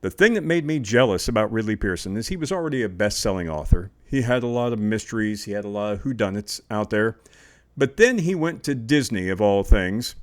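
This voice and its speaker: A man's voice: lowish voice, lively intonation, brisk. A man from Indiana hosting a podcast, introducing clips and reading a sponsor spot in a chatty, self-deprecating way. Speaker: podcast host.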